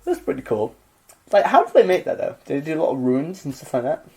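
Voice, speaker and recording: Lively man questioning on a podcast. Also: on the high side. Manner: animated, quick to question. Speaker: podcast co-host. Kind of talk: casual chat.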